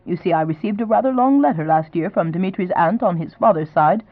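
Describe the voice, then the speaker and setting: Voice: medium pitch, a little fast, dry recording, close to an everyday voice. A reader voicing a genteel elderly duchess who stays pleasant but insistent, in a romance audiobook. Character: elderly duchess grandmother, gracious, persistent. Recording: dry, thin phone-like sound.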